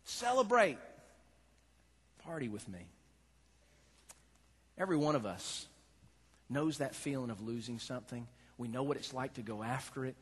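A man's voice: medium pitch, fairly quick, husky, long reverb tail. A man preaching a sermon, telling a story in a playful, dramatic way. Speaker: pastor.

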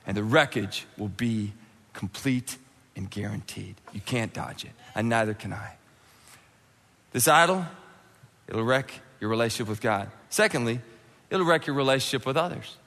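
A man's voice: mid-range voice, moderate pace, vocal fry, a bit bright, in a large hall. A man preaching a sermon, acting out quoted voices and dropping suddenly to a near whisper. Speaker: pastor.

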